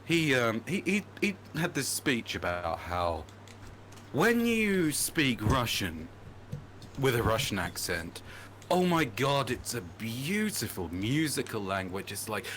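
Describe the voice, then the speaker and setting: A British man chatting casually during a game stream, telling animated stories and breaking into accent impressions. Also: medium pitch, slow, a little hiss or hum. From Britain. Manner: animated storyteller who slips into accent impressions. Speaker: podcast co-host.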